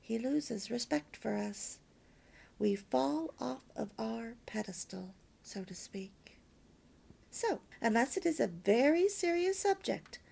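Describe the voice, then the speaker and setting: A woman's voice: high voice, creaky, a little mellow, breathy edge. A woman reading a homemaking lesson aloud as a story, lilting and emphatic with near-whispered asides. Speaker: reader of a homemaking course.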